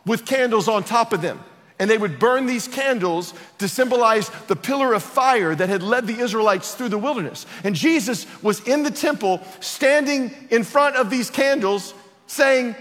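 A man's voice: high voice, fairly bright tone. A man preaching a sermon as pastor, emphatic and building to passionate declarations. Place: church auditorium. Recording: long reverb of a large hall.

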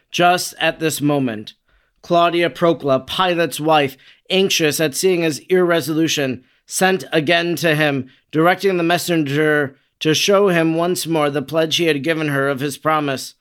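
Male reader, solemn devotional story, slightly high voice, dramatic delivery. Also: steady tone, unhurried, fairly bright tone, smooth. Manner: solemn, dramatic, quotes voiced with raised pitch. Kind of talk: devotional reading.

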